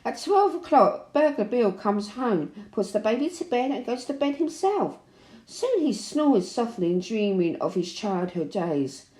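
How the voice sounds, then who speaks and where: A woman reading a children's picture book aloud in an expressive, animated way. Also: fairly high pitch, measured pace. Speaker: storybook reader. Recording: roomy echo.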